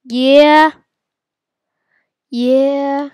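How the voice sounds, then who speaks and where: A woman giving silly, playful commentary while playing a game, with sudden loud outbursts. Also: a little high, slow, pauses often, no room sound, rough recording. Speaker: gamer. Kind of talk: casual let's-play commentary.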